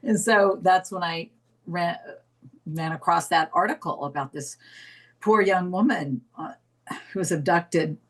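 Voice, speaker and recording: A middle-aged woman telling her story as a therapy volunteer, tearful, halting and apologetic with many restarts. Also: lowish voice, rough recording. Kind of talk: emotional personal account.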